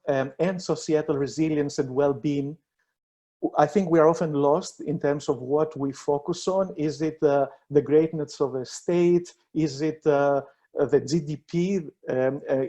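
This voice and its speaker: A man presenting a policy proposal in an online debate, earnest and halting, with many fillers and restarts. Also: on the high side, fairly even intonation, warm tone.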